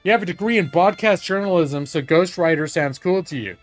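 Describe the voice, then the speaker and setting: A man's voice: sits high, a little fast, soft background music. A man casually commenting while he plays a strategy game live, swearing now and then and talking to his chat. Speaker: streamer playing a strategy game.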